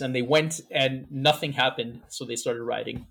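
A man's voice: mid-range voice, normal speed, gravelly. A man co-hosting a casual podcast, retelling old pranks with easy laughs and the odd swear. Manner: laughing, relaxed storytelling with swearing. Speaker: podcast co-host. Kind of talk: casual chat.

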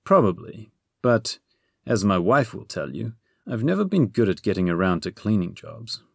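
A man voicing a nervous, fussy male wizard in an audiobook, hesitant and full of little pauses. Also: on the low side, big pitch swings, gravelly, no echo, studio quality, exaggerated voice. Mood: fidgety. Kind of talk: audiobook character voice.

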